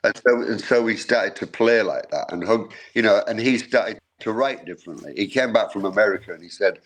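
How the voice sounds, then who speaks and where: A man's voice: lowish voice, fairly quick, poor audio. An older man, a musician guest in a casual interview, telling rambling anecdotes with repeated words and frequent laughs.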